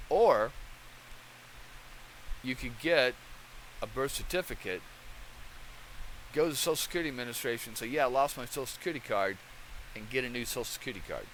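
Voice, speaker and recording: A man's voice: mid-range voice, pushed and bright, a little hiss or hum, poor audio. A man hosting a channel, talking in rambling casual commentary and often checking in with the listener. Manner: rambling, conversational, keeps checking in with okay. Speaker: channel host.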